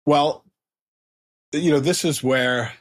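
A man as a podcast guest, telling a story in a chatty way, full of fillers and quick laughs. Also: fairly high pitch, no room sound, clean studio sound. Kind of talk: casual storytelling in conversation.

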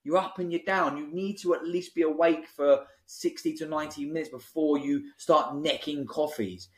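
A man lays out his advice bluntly and forcefully, preaching as a podcast guest. His voice sits a little high for a man. The room around him rings with a clear echo. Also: steady tone, moderate pace. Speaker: app founder guest. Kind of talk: podcast interview. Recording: roomy echo.

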